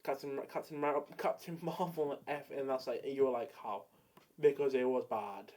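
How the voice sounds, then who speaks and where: A man's voice: medium pitch, steady tone, moderate pace, darkish tone. A young man in casual solo commentary, rambling with many fillers and jokey hot takes. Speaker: video creator ranking films.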